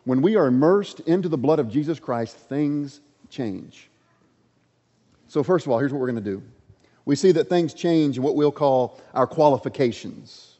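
A man's voice: fairly high pitch, dark tone. A man preaching a sermon, earnest and emphatic, building points through repeated rhetorical questions. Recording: dull lo-fi audio with long hall reverb.

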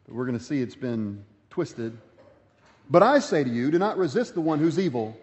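A man's voice: a little high, darkish tone, big-room sound, lo-fi sound. A pastor giving a sermon, reading scripture aloud and stressing his points through repetition.

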